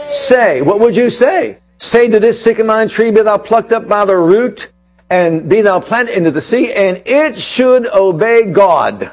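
A man's voice: high-pitched, a little mellow. A man preaching a sermon to his congregation, quoting scripture and asking emphatic rhetorical questions.

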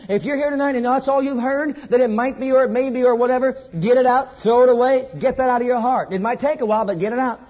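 A man preaching a sermon at a church service. He repeats his exhortations emphatically and drops to a hush. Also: very high-pitched, quick pace, few pauses, muffled recording.

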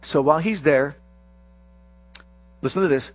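A man preaching a sermon, acting out scripture scenes with slow emphasis and sudden rapid bursts. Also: on the high side, no room sound. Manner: dramatic, acts out quoted scripture voices, shifts between slow emphasis and rapid bursts.

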